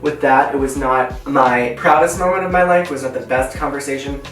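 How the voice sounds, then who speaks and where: A man's voice: medium pitch, fairly quick, fairly bright tone, recorded from a distance. A young man casually telling a story while doing his makeup, acting out voices as he goes. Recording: echoey room, voice from off-mic, faint music.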